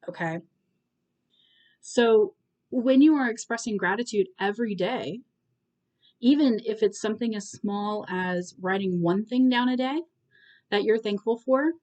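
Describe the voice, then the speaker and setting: A woman's voice: medium pitch, a little mellow, rough recording. A woman teaching a course in a casual spoken style, earnestly explaining step by step and checking in with her listeners. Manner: conversational, checks in with "right?" and "okay?". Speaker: course instructor.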